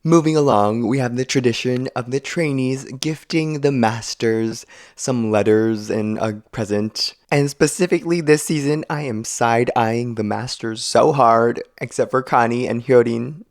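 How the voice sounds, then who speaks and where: Man, gravelly voice, dry close sound, snarky recap commentary, sarcastic. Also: medium pitch, unhurried, hardly any pauses, no room sound. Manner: snarky, sarcastic, laughs between lines. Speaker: video recap host. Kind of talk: casual show recap commentary.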